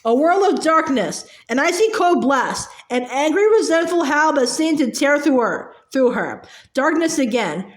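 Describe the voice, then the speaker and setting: Woman reading a novel aloud, earnest and stumbling; echoey room. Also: sits high. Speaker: audiobook reader. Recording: roomy echo.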